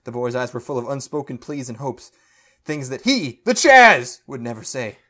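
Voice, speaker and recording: A man's voice: mid-range voice, big pitch swings, moderate pace, bright, forceful tone. Man, podcast co-host, comedic fanfic reading, mid-range voice, stumbling, stifled laughter. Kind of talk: comedic dramatic reading of fan fiction.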